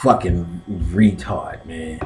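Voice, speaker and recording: A man hosting a casual occult talk, swearing constantly and laughing, jumping between high excited yelps and low mutters. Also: slow, background noise. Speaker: host of an occult class stream. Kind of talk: casual profane chat.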